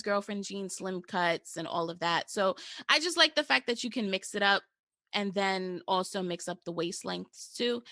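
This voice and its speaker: A woman's voice: medium pitch, sharp tone, no echo. Chatty young New woman hosting. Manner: chatty, informal, says "girl" and "y'all". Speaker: podcast host. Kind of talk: casual podcast chat.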